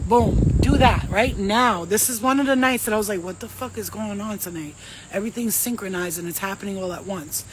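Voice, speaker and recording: A woman's voice: mid-range voice, quick pace, a little hiss or hum, rough recording. A woman, a psychic medium and host, telling a story to a live audience in casual, streetwise slang, with lots of swearing. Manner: animated, profane, streetwise slang.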